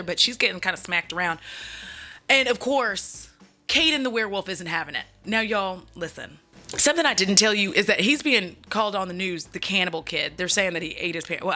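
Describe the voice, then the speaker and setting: Her comedic movie recap, made at home for her channel, is chatty and full of asides directed at the audience. She speaks in a mid-range voice with a sharp edge.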